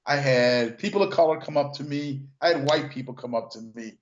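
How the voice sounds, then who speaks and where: An older man and former car dealer telling stories in a relaxed, reflective way, repeating words and using lots of fillers. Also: mid-range voice, a little fast, few pauses. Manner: reflective, restarts and repeats words, many "you know" fillers. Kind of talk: casual storytelling conversation. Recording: echoey, dull lo-fi sound.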